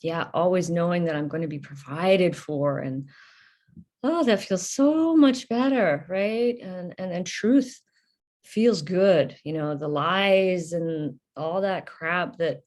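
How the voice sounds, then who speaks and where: A woman hosting a podcast, talking through personal reflections in a soft, halting, introspective way with many fillers and restarts. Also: lowish voice. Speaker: podcast host.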